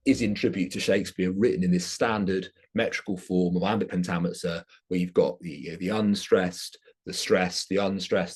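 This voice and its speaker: A man's voice: sits low, breathy edge. A man giving an academic lecture, explaining his subject with enthusiasm.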